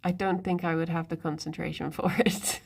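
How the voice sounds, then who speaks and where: A woman streamer musing aloud in casual live-stream chat, talking to her viewers and her pets. She speaks at an unhurried, drawn-out pace with a gravelly fry in her voice. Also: fairly low pitch, expressive, darkish tone. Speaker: livestreamer.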